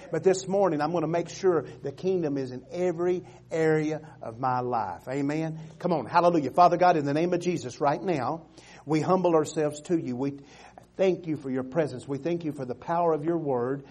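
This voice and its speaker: A male pastor preaching a sermon, calling for amens and drawing scripture out slowly, swinging from loud exhortation to hushed storytelling. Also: fairly high pitch. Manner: emphatic, calls for amens, stretches scripture slowly.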